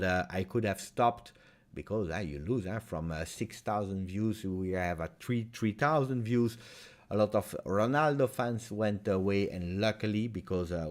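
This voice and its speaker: A man hosting a live-stream fan chat, excitable and halting, repeating himself with many fillers and loud bursts. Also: fairly low pitch. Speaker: fan channel host.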